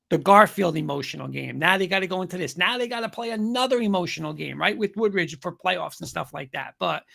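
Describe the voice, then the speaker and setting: Excitable high-voiced man, gravelly edge. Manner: excitable, rambling, many fillers and restarts. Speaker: show co-host. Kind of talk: casual sports talk.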